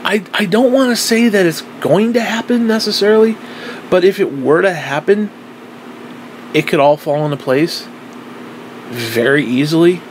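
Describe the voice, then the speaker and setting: A man's voice: high-pitched, moderate pace, long pauses, slight background noise. A man giving a blunt, profane monologue, repeating himself insistently and recording himself on a tablet. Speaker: vlogger. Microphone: tablet microphone.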